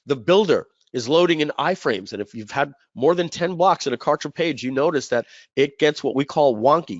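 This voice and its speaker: A man's voice: medium pitch, dry recording. A man hosting a webinar, telling a business story in casual chat and acting out quoted dialogue with animation. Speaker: webinar host. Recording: dry, dull lo-fi webinar audio.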